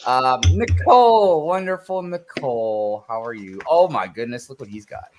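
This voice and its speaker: A man's voice: mid-range voice, expressive, moderate pace, background noise. A man hosting a casual live stream, chatting and greeting viewers.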